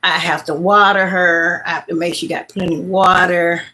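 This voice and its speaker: A woman's voice: lowish voice, little pitch movement, moderate pace, bright, forceful tone. A woman, hosting a casual livestream and telling rambling, repetitive, heartfelt stories. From Mississippi, USA. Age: late 50s. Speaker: livestream host.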